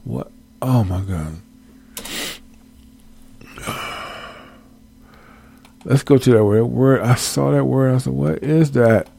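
A man leading a casual online Bible study, reading verses aloud and talking to his viewers in a folksy, animated way. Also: mid-range voice, slow, vocal fry, pauses often, husky. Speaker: Bible teacher.

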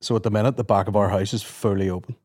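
A man's voice: lowish voice, steady tone, rapid-fire, darkish tone. Man trading crude jokes. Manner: dry jokey interjections, swears. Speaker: podcast guest. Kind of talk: casual comedy banter.

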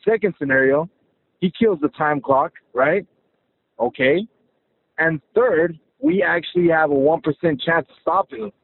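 A man's voice: sits high, husky. A man from California calling a sports radio show, ranting in an exasperated, profane way. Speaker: caller. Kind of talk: sports radio call-in rant. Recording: tinny phone line.

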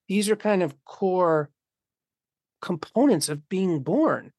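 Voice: mid-range voice, sing-song, slow, dry recording. Blunt, swearing speaker, dry close sound. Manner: blunt, profane and philosophical, acts out imagined voices. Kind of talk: casual conversation.

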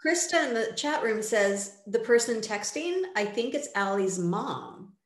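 A woman's voice: fairly high pitch, very animated, unhurried. Woman chatting in an echoey room. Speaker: co-host. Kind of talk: casual chat about a soap opera.

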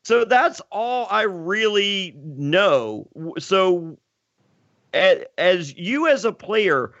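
A man's voice: high voice, big pitch swings, extremely slow, a bit bright, no room sound. A man in his thirties telling a story in casual chat, stammering, self-mocking and swearing freely. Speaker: podcast host and former reality contestant. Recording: dull lo-fi dry sound.

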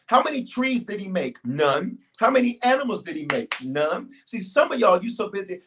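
Lively, high-pitched preaching man. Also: noisy background. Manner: animated, call-and-response, urging the audience to answer; swings between loud exhortation and low, slow prayer. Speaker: pastor. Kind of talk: livestreamed sermon and prayer. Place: church stage filmed by several cameras.

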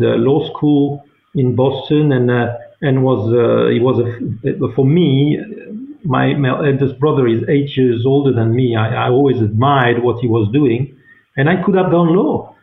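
A middle-aged man from France with a French accent, answering interview questions as a company CEO, hesitant with many fillers and restarts. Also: medium pitch. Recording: echoey room over a tinny phone-like line.

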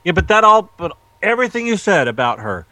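A man co-hosting a podcast, calmly pushing back with questions in casual chat. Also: sits high, fairly quick, dry recording, rough recording. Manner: calm, questioning, brief interjections. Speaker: podcast co-host.

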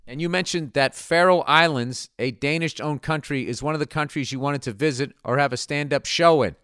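Man, podcast host, rambling, sarcastic, profane, clear resonant voice, dry close sound. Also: on the high side, a little fast, fairly bright tone, no room sound. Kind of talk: casual comedic rant and ad read.

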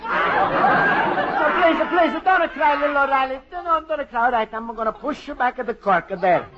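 An actor playing a gentle, sweet-natured middle-aged Italian immigrant in a 1940s radio comedy, speaking broken English with an Italian accent and pleading fussily. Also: male voice, very high-pitched, lively intonation, fairly quick, a crowd in the background. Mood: fussing. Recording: lo-fi old radio broadcast with audience laughter and hiss.

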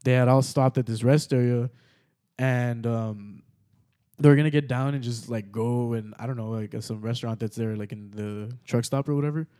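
A young man hosting a podcast tells a story in a loose, rambling way, full of fillers and swearing. His voice is mellow and dark, at an everyday middle pitch. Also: normal speed. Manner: relaxed, swears a lot, many fillers. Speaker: podcast host. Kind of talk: casual storytelling.

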